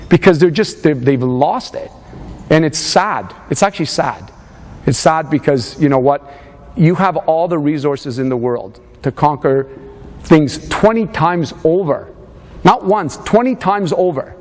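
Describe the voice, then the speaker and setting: A man's voice: fairly high pitch, moderate pace, a little mellow. A man leading a motivational fitness seminar, urging a live audience on with lots of energy. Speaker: fitness coach. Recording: reverberant hall.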